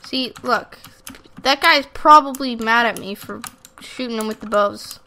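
A woman doing rambling, excitable gameplay commentary, chatting to viewers and heckling opponents. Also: on the high side, unhurried. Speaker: gaming YouTuber.

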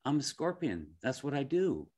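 A man's voice: medium pitch, very animated, normal speed, darkish tone, pitched above the performer's own voice. A man voicing a sly male scorpion in a fable, coaxing and matter-of-fact.

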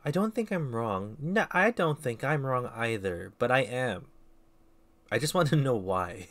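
A man's voice: mid-range voice, animated, unhurried, a bit bright. A man streaming a video game, rambling in casual commentary and putting himself down. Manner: rambling, self-deprecating.

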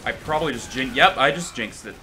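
Excitable swearing young gamer guy. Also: mid-range voice, fairly quick, noisy background. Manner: excitable, swears a lot, bursts into yelling. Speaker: gaming commentator. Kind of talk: live gameplay commentary.

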